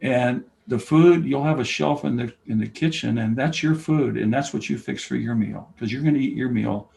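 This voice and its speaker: An older man, a basketball coach and camp founder, talking as an interview guest, telling stories and acting out quoted dialogue, from loud to whispering. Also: medium pitch, moderate pace, vocal fry, a little hiss or hum, poor audio. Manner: animated storyteller, acts out quoted dialogue, swings from loud to whispering. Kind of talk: conversational interview, storytelling.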